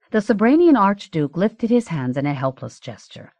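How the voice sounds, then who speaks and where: A woman narrating an audiobook in a measured, even reading. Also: medium pitch, no echo.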